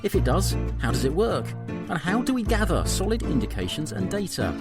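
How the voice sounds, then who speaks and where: A man reading a scripted podcast intro in a wry, lively way. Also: high voice, a little fast. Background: music bed.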